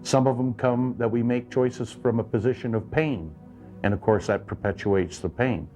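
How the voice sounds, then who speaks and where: A man calmly explaining ideas about choice and responsibility in a measured, lecturing way. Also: medium pitch, soft background music. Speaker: clinic therapist. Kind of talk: calm explanatory talk.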